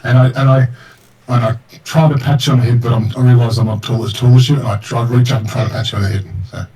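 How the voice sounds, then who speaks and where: A man's voice: medium pitch, steady tone, fast talker, mellow, husky, recorded from a distance, rough recording. A man playing in a tabletop game, describing his character's actions in a rambling way that keeps correcting itself. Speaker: player. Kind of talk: casual tabletop play chat.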